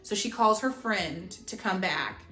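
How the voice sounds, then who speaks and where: A young woman rattles through a storytime vlog, animated and chatty and full of "like". Her voice sits at an everyday middle pitch. She records in a roomy, echoing space with soft music playing underneath. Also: a little slow. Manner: animated, chatty, heavy use of "like". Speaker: vlogger. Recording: roomy echo, faint music. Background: faint background music.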